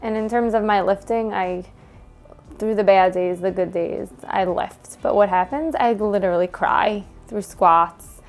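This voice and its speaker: A woman's voice: mid-range voice, fairly even intonation, measured pace, faint music behind. A woman in her thirties with a New York accent, talking candidly and emotionally with many fillers and restarts. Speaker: gym member interviewed by her coach. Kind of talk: candid personal conversation.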